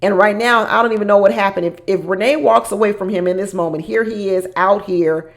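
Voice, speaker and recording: Gravelly woman recapping reality TV. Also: medium pitch, a little fast. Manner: animated, dramatic, laughs while talking. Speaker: reality TV commentator. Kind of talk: casual recap commentary.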